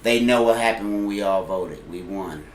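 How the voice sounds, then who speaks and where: A man's voice: on the low side, normal speed, slight background noise. A man, co-hosting a casual podcast chat in an earnest, laid-back, slangy way. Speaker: podcast co-host. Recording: roomy echo.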